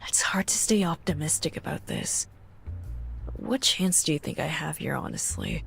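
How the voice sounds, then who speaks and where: Visual novel protagonist, young non-binary writer, played by an actor, gravelly, mid-pitched, self-doubting. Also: expressive, moderate pace, fairly bright tone, soft background music. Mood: glum.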